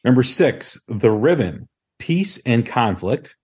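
A man hosting a casual music podcast, talking in a relaxed, rambling way with many ums and restarts. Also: mid-range voice, slow pace, husky. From Chicago area. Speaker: podcast host.

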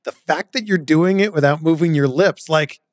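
A man's voice: a little high, no room sound, studio quality. A man hosting an interview podcast, asking curious questions and joking with his guest. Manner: curious, quick to laugh and joke. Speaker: podcast host. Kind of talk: casual interview. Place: podcast studio.

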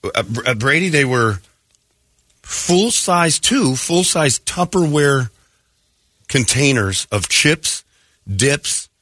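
Husky-voiced male radio host telling stories. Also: medium pitch, big pitch swings, slow, pauses often, pushed and bright, no room sound, clean studio sound. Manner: rambling storyteller, acts out quotes. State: clearing throat. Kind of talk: casual morning radio chat. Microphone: studio mic.

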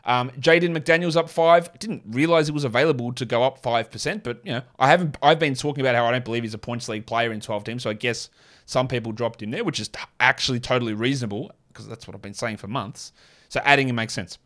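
Chatty fantasy basketball host, non-American accent. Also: male voice, mid-range voice, steady tone, fairly bright tone. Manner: chatty, opinionated, quick asides. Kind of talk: casual solo analysis with ad read.

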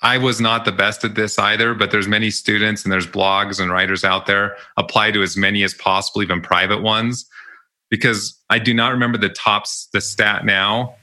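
A man's voice: on the low side, pushed and bright. A young man telling stories about his college jobs in a casual, chatty way, often laughing. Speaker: podcast guest. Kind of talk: casual storytelling interview.

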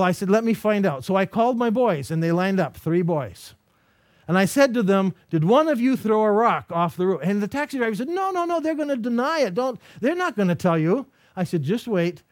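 A middle-aged man lectures by telling stories, his voice sitting high for a man. He acts out each person in his anecdotes with lively shifts. The sound is close and dry, with no room in it. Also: dry recording. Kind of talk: storytelling lecture.

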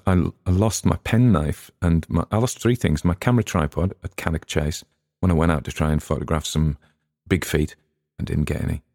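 An English man hosts a podcast and also reads on it, chatting casually in a rambling way that wanders off topic and keeps restarting. His voice is rumbling low and warm with vocal fry, captured dry in clean studio sound.

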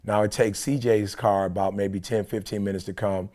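Animated man telling a story on a podcast. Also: on the low side, moderate pace. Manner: animated, quoting people in dialogue. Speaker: podcast co-host. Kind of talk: casual storytelling. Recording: conference call.

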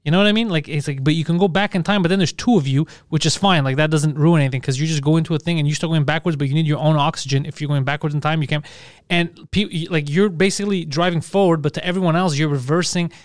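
A man in casual banter, cracking quick profane jokes and rambling about a movie. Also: a little high, steady tone, dry recording, clean studio sound. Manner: quick, joking, profane interjections.

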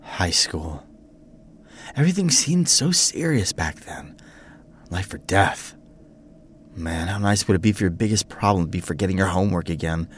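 A man's voice: low voice, lively intonation, normal speed, long pauses, a little hiss or hum. A man voicing a nervous young priest who rambles and stumbles when flustered.

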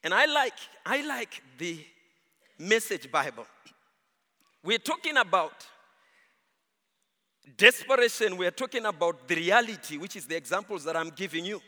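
A high, bright male voice preaching in a church, swinging widely in pitch and sometimes half-singing his points. The sound rings with the long reverb of a large hall. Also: normal speed, pauses often. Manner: animated, rises and falls, half-sung emphasis. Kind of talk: sermon.

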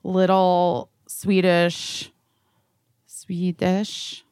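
A woman's voice: fairly low pitch, monotone, very slow, a little mellow, smooth, dry recording, studio quality. A woman chatting casually over a video call, rambling and swearing freely. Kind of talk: casual chat.

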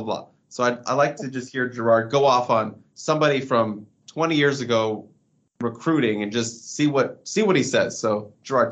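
Man, podcast host, wry and self-mocking, mid-pitched voice, dull audio. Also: fairly bright tone. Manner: joking, self-deprecating, reads listener questions. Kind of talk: casual sports podcast chat.

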